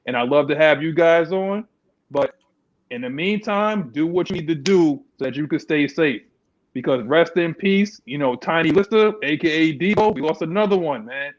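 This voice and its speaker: Guy on a sports stream, animated, laughs a lot, kinda high voice, muffled lo-fi sound. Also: normal speed. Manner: animated, laughs often, drawls. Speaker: co-host. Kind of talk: casual sports chat.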